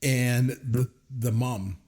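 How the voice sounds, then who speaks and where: A man's voice: medium pitch, drawn-out words. A man co-hosting a podcast, chatting casually about a movie and acting out its scenes with frequent laughter. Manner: animated storyteller, acts out movie lines and laughs often. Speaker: podcast co-host. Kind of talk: casual movie review chat.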